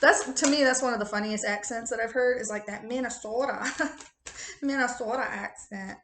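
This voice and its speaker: A woman's voice: a little high, normal speed, roomy sound, background noise. Joking woman reading tarot, rural American accent. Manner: chatty, joking, swearing. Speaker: tarot reader.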